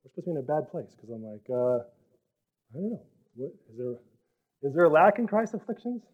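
Animated male pastor preaching, lo-fi sound. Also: on the high side, brisk. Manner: animated, conversational, acts out quoted speech. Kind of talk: sermon. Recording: dull lo-fi recording.

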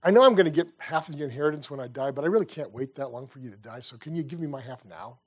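A man's voice: mid-range voice, racing, natural voice. A man voicing a brash, impatient young son in a retold parable, asking bluntly in a casual way. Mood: brazen.

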